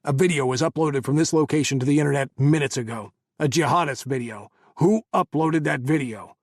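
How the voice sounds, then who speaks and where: A man's voice: on the high side, quick pace, vocal fry, breathy edge, no room sound, clean studio sound, voice pushed up. A man voicing an angry special forces team leader who barks orders and questions. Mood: interrogating. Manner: barking orders, shouting.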